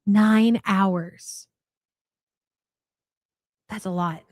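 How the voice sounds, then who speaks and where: A woman's voice: mid-range voice, steady tone, very slow, darkish tone, dry recording, studio quality. Sarcastic woman hosting a live reaction stream. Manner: mocking, sarcastic, laughs often. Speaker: reaction channel host.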